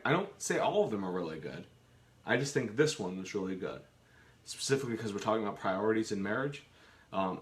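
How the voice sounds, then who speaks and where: Guy with a lowish voice chatting loose at home in his kitchen, rambly and jokey. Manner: rambling, jokey, trails off and restarts. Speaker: co-host of a live Q and A. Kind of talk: casual live chat.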